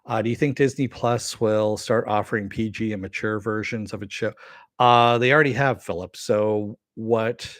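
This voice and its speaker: Middle-aged guy rambling thru chat questions on his stream, lots of uhs, lowish voice, dry close mic. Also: steady tone, moderate pace, a bit bright, no room sound. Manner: rambling, with frequent fillers and throat clearing. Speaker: host reviewing a series on a live stream. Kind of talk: casual live-stream chat answering viewer comments.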